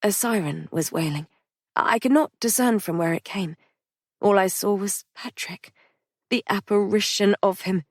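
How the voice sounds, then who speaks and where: A woman narrating an audiobook in a steady, measured first-person voice. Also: mid-range voice, no room sound, studio quality. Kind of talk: scripted narration.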